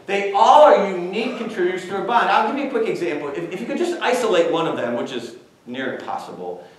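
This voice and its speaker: A man giving a university talk, telling an anecdote with animated delivery and questions tossed to the audience. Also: high voice, quick pace. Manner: animated storytelling, quizzes the audience. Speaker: guest speaker. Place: large lecture hall. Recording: echoey hall, far from mic.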